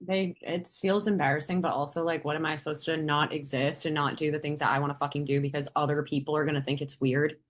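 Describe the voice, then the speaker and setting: A young woman with a somewhat low voice talks bluntly on a podcast, swearing freely and lunging into animated, emphatic outbursts. She comes across as unfiltered and fiercely opinionated. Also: fast, hardly any pauses. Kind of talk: casual chat.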